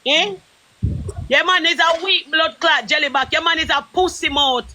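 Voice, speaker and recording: High, bright Jamaican woman ranting furiously. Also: moderate pace, no echo. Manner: furious, cursing rant in patois. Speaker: caller on a live stream. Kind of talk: heated live stream argument.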